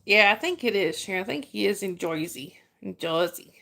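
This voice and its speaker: A woman's voice: medium pitch, animated, moderate pace, creaky, pushed and bright. A woman chats casually on her livestream, talking easily to her viewers. She calls out their names, teases a little and laughs often. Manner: chatty, laughs often, greets viewers by name. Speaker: livestream host.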